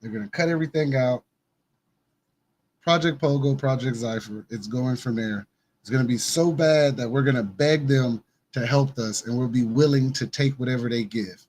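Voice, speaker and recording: A man's voice: mid-range voice, moderate pace. A man hosting a casual conspiracy news commentary show, talking emphatically and repeating his points to drive them home.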